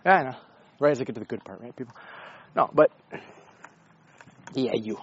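A man's voice: mid-range voice, moderate pace, breathy edge, lo-fi sound. A man rambling and swearing in a casual monologue while walking his dog outdoors, joking at his own expense. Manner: rambling, profane, self-mocking, talks to his dog. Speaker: vlogger. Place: outdoors on a neighborhood street.

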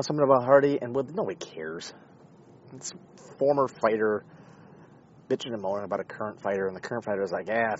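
A man's voice: mid-range voice, darkish tone, highs cut off, a little hiss or hum. A man in a car giving a rambling, profane, heated monologue. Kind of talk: casual ranting monologue. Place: inside a car.

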